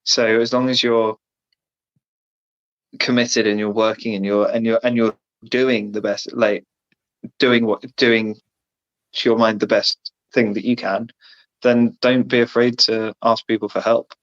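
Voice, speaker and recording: A low-voiced man speaks earnestly and rambles, often restarting mid-thought. His voice comes through a dull, lo-fi remote call line, muffled and narrow. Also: flat delivery, unhurried, long pauses. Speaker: guest actor. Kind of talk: casual chat. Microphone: remote call over Wi-Fi.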